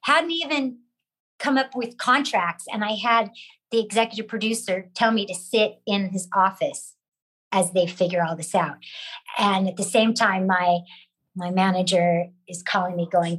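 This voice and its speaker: An actress telling a lively story about her career, acting out other people's lines as she goes. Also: mid-range voice, normal speed, rough recording. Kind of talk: animated storytelling with acted quotes.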